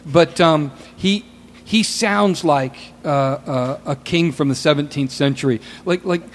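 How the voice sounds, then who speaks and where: Stammering podcast man, high voice. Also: a little slow, big-room sound, a little hiss or hum. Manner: profane, rambling, stammering restarts. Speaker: podcast co-host. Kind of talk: casual podcast chat.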